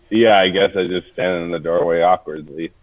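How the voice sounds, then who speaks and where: A man's voice: low-pitched, steady tone, normal speed. A young man playing a tabletop game, laid-back and laughing often. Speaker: player. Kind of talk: casual chat at a game table. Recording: dull lo-fi recording.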